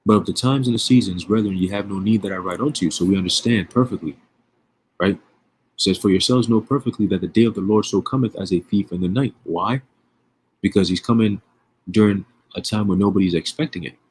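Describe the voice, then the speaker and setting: An online preacher offers casual, profane religious commentary, streetwise and emphatic, peppered with rhetorical questions. His voice is on the low side, a little fast, with a breathy edge.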